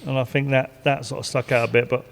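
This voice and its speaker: A man's voice: mid-range voice, flat delivery, fast talker, creaky. Rambling middle-aged man in a reverberant room. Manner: rambling, repeats himself, swears freely. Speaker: guest, retired racing driver. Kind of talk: casual anecdotal storytelling.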